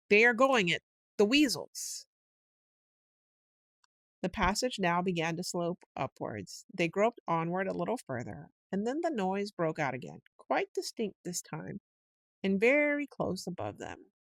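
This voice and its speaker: A woman giving a slow, unhurried bedtime reading of a storybook, now and then lifting into quick character voices. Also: on the low side, no room sound. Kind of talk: slow sleep-story narration.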